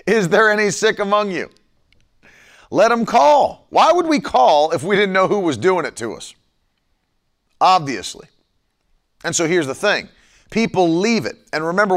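High-voiced man preaching, repeating lines. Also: a bit bright. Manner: repeats lines for emphasis, stretches key words. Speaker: preacher hosting a live broadcast. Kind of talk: sermon.

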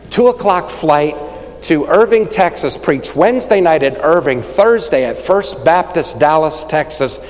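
A man preaching a sermon, rattling off lists fast and calling for responses from the congregation. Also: on the high side, in a large hall. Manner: rapid-fire, call-and-response with the crowd. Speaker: evangelist preacher.

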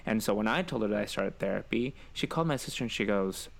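A man with a fairly low voice hosts a relaxed podcast chat. He tells family stories and acts out their lines. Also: fast, gravelly. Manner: storytelling, animated quoting of family. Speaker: podcast host. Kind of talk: casual chat.

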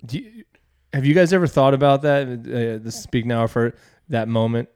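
A man's voice: medium pitch, fairly even intonation, normal speed, a little mellow, clean tone. Jokey man chiming in. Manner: jokey interjections, laughs often. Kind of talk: casual chat.

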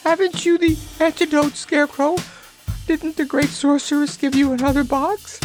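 A man reading an audiobook voices a wicked old witch with a shrill, frantic wail, over background music. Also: huge pitch swings, measured pace, gravelly, fairly bright tone, exaggerated voice. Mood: panicked pleading.

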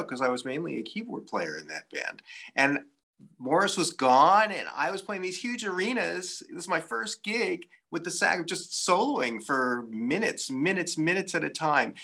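A man talks through his musical career in an easygoing, reflective way, often pausing on fillers as he tells his stories. His voice sits fairly high and sounds clearly bright. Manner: relaxed, reflective storytelling with frequent fillers. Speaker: saxophonist guest. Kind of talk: casual interview chat.

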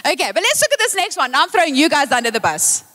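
A high-voiced woman gives a lively sermon in a big church, talking into a handheld mic. She is excitable and quick to poke fun at herself. Her words ring out with the long reverb of the hall. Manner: excitable, playful and self-mocking. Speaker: worship leader preaching. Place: church auditorium, live service.

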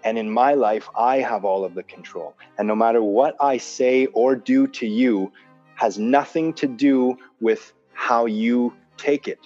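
A man's voice: medium pitch, unhurried, a little mellow. A man in casual conversation, making his points with emphasis, repeating them and explaining with examples. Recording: dull lo-fi sound with faint music.

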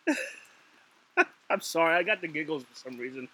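Male podcast co-host, giggly and rambling, bright forceful voice, slightly high. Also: expressive, a little fast, breathy edge. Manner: giggly, rambling with fillers and restarts. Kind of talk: casual chat.

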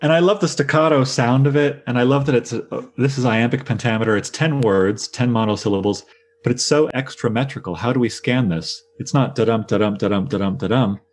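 A man leading a poetry discussion, thoughtful, reading lines of verse aloud slowly. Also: mid-range voice. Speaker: discussion leader.

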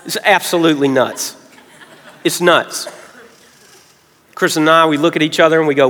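An earnest male pastor preaches to his church. His voice sits high and sounds bright and forward. The hall gives it a long, lingering reverb. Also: steady tone, normal speed, pauses often. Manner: earnest, drops to quiet tones when emotional. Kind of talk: sermon.

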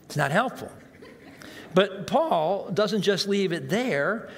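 A man preaching a sermon as pastor, animated and self-mocking, acting out the reactions he quotes. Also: sits high, takes it slowly. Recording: long hall reverb.

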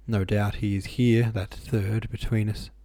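A man's voice: lowish voice, little pitch movement, measured pace, mellow, no echo. A man voicing a sly, mocking servant. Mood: insinuating. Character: sly, insolent male servant, calm and mocking.

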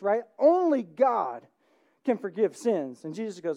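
A pastor preaches in a relaxed, conversational way at a church service, often turning a point into a quick "right?" for the listeners. The voice is mellow and warm, set at a middling pitch. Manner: informal, keeps asking "right?". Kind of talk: conversational sermon.

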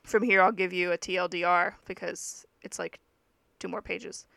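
A young woman telling a story in a casual podcast chat, with many fillers and lively asides. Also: on the low side, normal speed, vocal fry, no echo. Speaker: podcast co-host. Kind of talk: casual true-crime chat, reading aloud.

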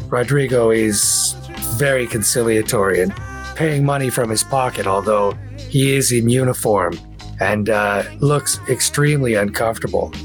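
A man narrating as game master of a tabletop game, in vivid, descriptive storytelling. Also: medium pitch.

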